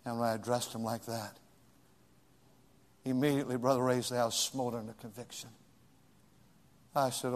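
A man preaching a sermon, swinging from shouts to hushed pleas with dramatic pauses. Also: mid-range voice. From California. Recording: long reverb of a large hall.

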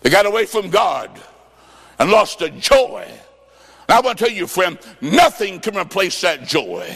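High, gravelly-voiced preacher. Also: male voice, very animated, a little slow. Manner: emphatic and folksy, with sudden shouted bursts and dry humor. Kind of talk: sermon.

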